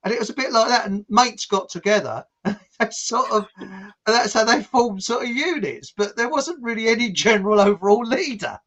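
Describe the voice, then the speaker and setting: A man from England chats casually, spinning anecdotes and breaking into laughter as he goes. His voice sits fairly high for a man. Now and then he slips into mock accents. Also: expressive, normal speed, fairly bright tone. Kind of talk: casual chat. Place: home.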